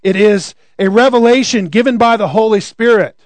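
High-voiced man preaching a sermon. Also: moderate pace, dry recording. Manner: conversational, asks rhetorical questions.

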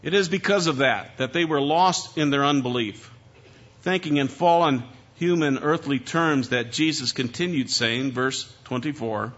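A man's voice: medium pitch, measured pace, fairly bright tone. A man preaching an earnest, emphatic sermon with repeated phrases. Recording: dull, lo-fi recording.

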